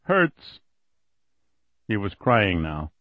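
Guy reading an audiobook, lowish voice, steady, kinda dull lo-fi sound. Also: unhurried, no room sound. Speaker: audiobook narrator. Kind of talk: scripted narration.

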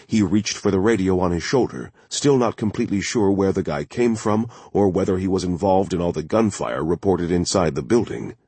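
A man narrating a thriller audiobook in a steady, measured storytelling voice, recorded close on a studio mic. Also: low voice, breathy edge, no room sound.

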